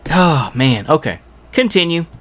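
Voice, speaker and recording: A man's voice: fairly high pitch, big pitch swings, a little slow, fairly bright tone, slight background noise. A man giving rambling reaction commentary on a video, exasperated and full of rhetorical asides.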